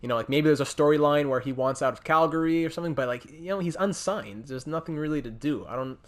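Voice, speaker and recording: A man's voice: fairly high pitch, fast talker. A young man giving casual, thinking-aloud commentary over a hockey video game as a gaming channel host. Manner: thinks aloud, chatty, restarts and talks to teams. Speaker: gaming YouTuber.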